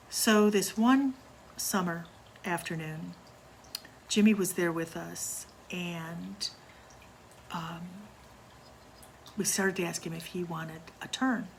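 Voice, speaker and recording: An older woman tells a ghost story from her own childhood in a low, gravelly voice. She speaks slowly and quietly, often sinking almost to a whisper. Faint background noise sits under the recording. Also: low-quality recording. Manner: hushed, slow, dropping to near whispers. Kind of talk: personal ghost story narration.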